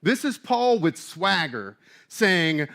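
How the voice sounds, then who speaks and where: High-voiced emphatic male pastor preaching. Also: slow pace. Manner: animated, emphatic, conversational. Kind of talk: sermon.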